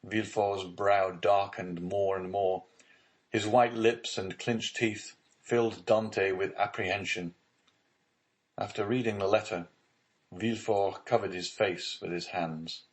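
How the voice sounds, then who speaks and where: Man, audiobook narrator, fairly low pitch, measured, scripted narration. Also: steady tone, rough recording.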